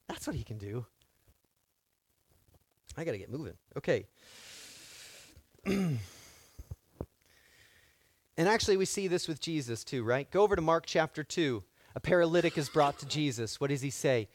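A man preaching a sermon as pastor, swinging between loud emphatic declarations and quiet asides, with repeated direct exhortations to his congregation. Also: fairly high pitch, expressive, normal speed, pauses often, dry recording.

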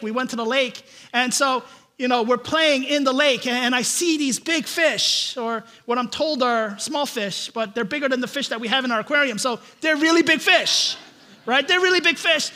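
A man preaching a sermon, telling a family story with lively, animated delivery and frequent repeated starts. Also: extremely high pitch. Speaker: pastor.

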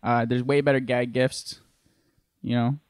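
A man's voice: medium pitch, a little slow, smooth, no room sound. A man co-hosting a podcast in casual comedic chat, joking around and laughing often. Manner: laughs often, jokey, animated. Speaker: podcast co-host.

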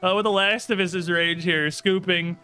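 A man's voice: sits high, fairly even intonation, moderate pace, bright, forceful tone, clear, resonant tone, soft background music. A man narrating as game master of a tabletop game, laughing often.

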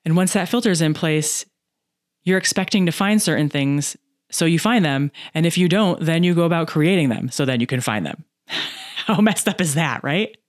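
A woman's voice: low-pitched, normal speed, dry recording. Chatty woman coach on a podcast, keeps tacking on "right?", acts out little inner voices, dry close sound. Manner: lively and chatty, often adds "right?". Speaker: business mindset coach. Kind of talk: solo podcast monologue.

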